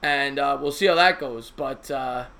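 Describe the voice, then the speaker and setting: A man's voice: mid-range voice, a little slow, pushed and bright. A man hosting a live call-in sports talk show, chatty and teasing his callers.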